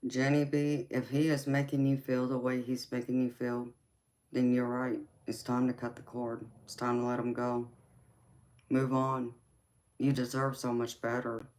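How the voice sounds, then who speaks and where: On her casual live stream, a tarot reader from the Southern United States reads out comments in a Southern Georgia accent, laughing frequently and calling viewers honey and sweetheart. Her very deep, darkish voice stays level and unhurried.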